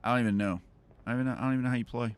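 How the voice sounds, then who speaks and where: Very fast and fairly even in intonation, this man's mid-range voice sounds clear and resonant. As a gaming streamer, he rambles through casual commentary full of jokes and silly voices, laughing at his own humor.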